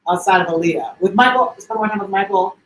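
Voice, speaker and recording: A man's voice: high voice, brisk, a bit bright, slight background noise. A man co-hosting a casual show, telling stories in an effusive, chatty way. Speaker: co-host. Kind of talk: casual livestream chat. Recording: echoey room with faint ambience.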